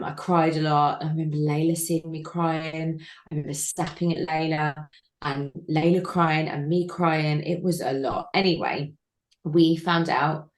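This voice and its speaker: A woman in her thirties with a low-pitched voice tells a personal story as an interview guest. She speaks candidly and haltingly, with many fillers and restarts. The recording has a noticeably echoey room sound. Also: a little mellow.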